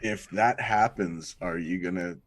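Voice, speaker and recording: A man's voice: low voice, measured pace. A man as a podcast guest, joking, swearing and laughing often in casual chat.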